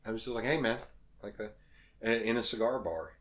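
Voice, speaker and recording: A man's voice: on the low side, quick pace, slight background noise. A man telling casual stories as a podcast guest, acting out the voices he quotes and swearing freely. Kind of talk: casual storytelling.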